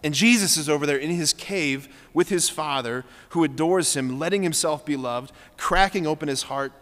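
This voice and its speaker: A man's voice: on the high side, normal speed, a bit bright, in a large hall. A man preaching a homily as a Catholic priest, earnest and emphatic, repeating phrases for stress. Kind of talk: sermon. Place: large church with long reverb.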